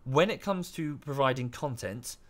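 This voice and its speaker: A young British streamer and YouTuber rants casually while gaming live, rambling and correcting himself as he goes. His mid-range voice is expressive and moderately paced, with a noisy background.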